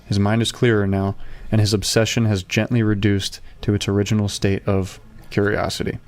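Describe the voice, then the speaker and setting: A man with a fairly low voice reads his character's notes aloud at the table, pausing now and then between phrases. He is a player in a tabletop game. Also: clean tone. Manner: excited, swearing, reading haltingly.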